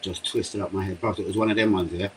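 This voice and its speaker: A young man hosting a live football stream, chatting to his viewers in slangy, excitable talk with frequent swearing. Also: deep voice, fast talker, a little hiss or hum, rough recording. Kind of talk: casual live-stream commentary. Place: home room.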